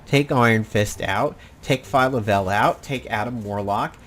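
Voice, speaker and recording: A man's voice: on the low side, unhurried, few pauses, a bit bright. A man hosting casual gameplay commentary, rambling and blunt, with the odd swear. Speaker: gaming channel host.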